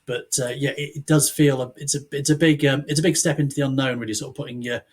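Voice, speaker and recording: A man's voice: medium pitch, fairly even intonation, fast, husky. A man, an author, chatting casually as a podcast guest, rambling and restarting his sentences with the odd chuckle. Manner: rambling, self-interrupting, chuckling.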